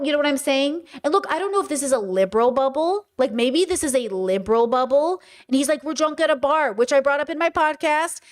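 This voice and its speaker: A woman with a somewhat high voice hosts a casual commentary stream. She talks emphatically and in a loose, conversational way, stressing her points, and now and then slips into a mocking impression. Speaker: podcast host.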